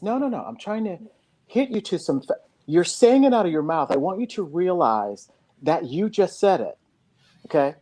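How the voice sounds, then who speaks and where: A woman's voice: fairly low pitch, sing-song, moderate pace, warm tone. A woman in a casual group discussion, talking emphatically and acting out both sides of arguments. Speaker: panel guest.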